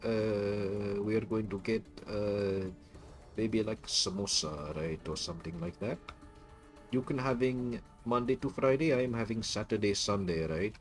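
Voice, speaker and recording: Here is a man doing a put-on Indian English voice, a pushy middleman bargaining over a divorce in broken, sing-song grammar. The voice sits fairly low and moves at a steady clip. Faint music plays behind it. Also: unhurried, lightly acted. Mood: mocking.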